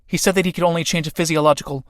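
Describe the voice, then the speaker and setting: Earnest young woman pleading soft and slow, guy reading her in a play reading, kinda high voice, dry sound. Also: steady tone, dry recording, natural voice.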